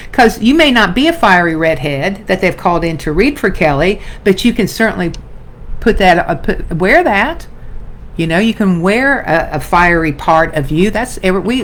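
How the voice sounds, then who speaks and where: A middle-aged woman coaching actors in a loose, talky online class, her voice sitting on the low side. She stops and restarts her sentences often and keeps speaking straight to her viewers. Faint room noise hangs behind her at home. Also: a bit bright. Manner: chatty, self-interrupting, addresses viewers as "you guys" and "darling". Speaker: acting coach. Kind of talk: casual online acting class.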